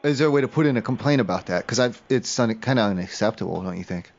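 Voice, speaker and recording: A man's voice: on the low side, animated, fast. A man making a prank phone call, whiny, emotional and easily offended. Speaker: prank caller.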